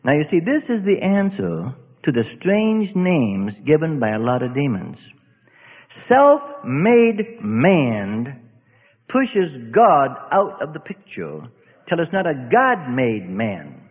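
A man's voice: fairly high pitch, big pitch swings, unhurried. A male preacher giving an emphatic sermon in a church assembly hall, often breaking in with "see?". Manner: emphatic, repetitive, keeps asking "see?". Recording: echoey hall, tinny phone-like sound.

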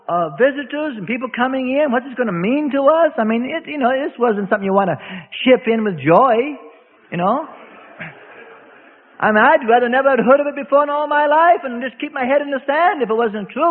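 High-voiced preacher on tinny radio. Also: male voice. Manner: emphatic, folksy and argumentative. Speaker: pastor. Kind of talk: sermon. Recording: tinny radio broadcast with long hall reverb.

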